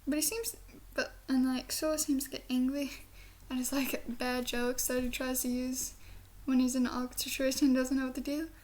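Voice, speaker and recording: Young-sounding female vlogger from the US South, slight speech impediment, high voice, rambling casual review with whispered asides. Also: level tone, moderate pace, hardly any pauses. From Southern United States. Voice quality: speech impediment that she says sounds British. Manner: chatty and giggly, with many "like" fillers and soft whispered asides. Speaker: video reviewer.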